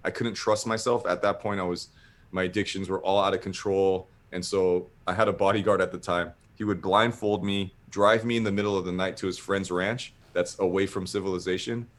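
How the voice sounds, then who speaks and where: A man's voice: sits low, steady tone, brisk. A man telling a long casual story, rambling with lots of filler words.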